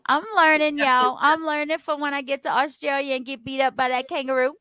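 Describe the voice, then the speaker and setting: A woman's voice: high voice, little pitch movement, brisk, pushed and bright, no room sound, low-quality recording. A woman hosting a casual live-stream chat, talking playfully and laughing often.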